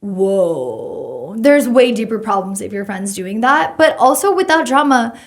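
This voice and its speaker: A young woman co-hosting a podcast, telling stories in a casual, animated way and saying "like" a lot. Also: medium pitch, unhurried. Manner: animated storyteller, heavy use of "like". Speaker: podcast co-host. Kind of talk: casual chat.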